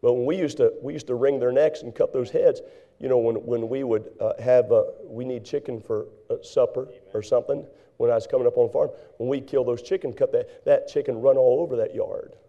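A pastor delivers a folksy sermon in a deep-toned, gravelly voice. He preaches with lively, animated energy. The recording is dull and lo-fi. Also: a little fast.

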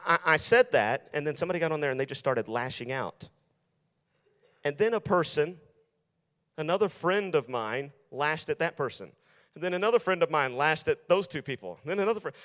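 A man's voice: on the high side, fairly bright tone, big-room sound. A male youth pastor preaching to teenagers in an emphatic style, repeating his key lines. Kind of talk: sermon.

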